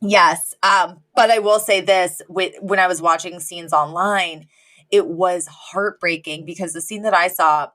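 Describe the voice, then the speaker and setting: A woman's voice: lowish voice, steady tone, unhurried, fairly bright tone. A young woman co-hosting a podcast, chatting casually and retelling scenes with lots of fillers. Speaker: podcast co-host. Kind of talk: casual recap chat.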